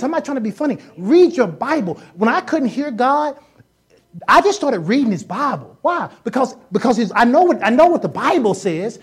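Joking, lively woman preaching a sermon. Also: fairly high pitch, breathy edge. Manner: lively, joking, acts out voices and sounds; casual colloquial speech with repetitions.

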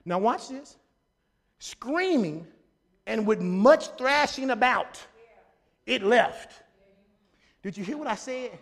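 A man preaching a sermon in a lively, folksy style, building up to shouts. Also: extremely high pitch, slow pace, pauses often. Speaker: pastor.

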